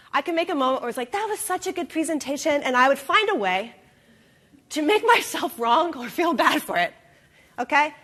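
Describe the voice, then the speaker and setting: Woman expo speaker, higher voice, lively presenter who acts out quotes. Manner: animated, acts out quoted voices, asks audience questions. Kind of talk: live presentation talk. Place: event stage.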